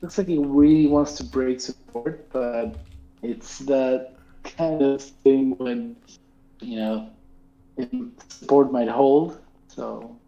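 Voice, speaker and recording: Guest, male, slow hesitant delivery, dark gravelly voice, lo-fi call sound. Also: medium pitch. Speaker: stream guest. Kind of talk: casual trading chat.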